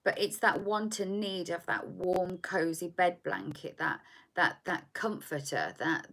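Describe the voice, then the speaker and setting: Woman, tarot reader, lowish voice, gentle rambling delivery with restarts. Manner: soft, meandering, repeats words while searching for them. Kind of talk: spiritual tarot reading.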